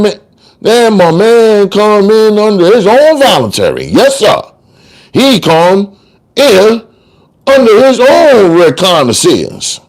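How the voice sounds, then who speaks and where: A man's voice: fairly high pitch, full character voice. A man voicing a street-smart male trial lawyer who argues in slangy, sing-song courtroom oratory. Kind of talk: dramatic audiobook reading.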